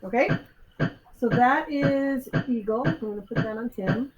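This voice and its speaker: A woman game master leads a live tabletop session on a convention stage, her fairly high voice a little slow, with dull audio and heavy background noise from the loud hall crowd. Lively throughout, she explains rules with plenty of ums and performs the fight's moves.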